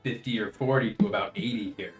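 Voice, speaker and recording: A man's voice: lowish voice, fairly even intonation, quick pace, lightly acted. A man voicing a male mentor in a tabletop game who gives frank but kindly critiques, in an echoey room with faint music. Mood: approving. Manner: gives blunt critiques gently.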